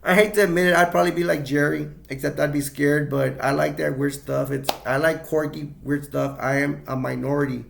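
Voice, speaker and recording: Male film reviewer, gravelly, unscripted rambling recap. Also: fairly high pitch, steady tone, brisk, hardly any pauses, noisy background. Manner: rambling, with many restarts and quoted imitations. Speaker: movie reviewer.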